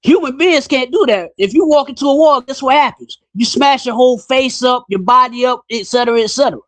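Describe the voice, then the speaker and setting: A man hosting a casual podcast chat, talking bluntly and in an animated way, his pitch jumping up when he gets riled. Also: brisk, dry recording. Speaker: podcast host.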